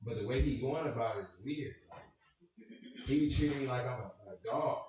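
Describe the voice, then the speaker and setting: A man's voice: medium pitch, brisk, darkish tone, a little hiss or hum. A young man doing a loose, profane stand-up set and riffing with the crowd at a small comedy venue. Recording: very echoey room, mic far off.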